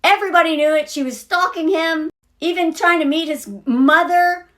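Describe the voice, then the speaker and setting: A woman's voice: very high voice, steady tone, moderate pace, fairly bright tone. A woman giving a blunt, sarcastic, exasperated rant about a TV show. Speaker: video creator.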